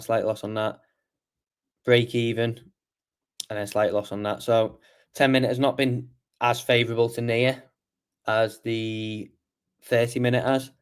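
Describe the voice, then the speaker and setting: A man's voice: lowish voice, clean tone. A man hosting a casual market review stream, tired and yawning as he walks through charts and answers chat questions. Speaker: trading show host.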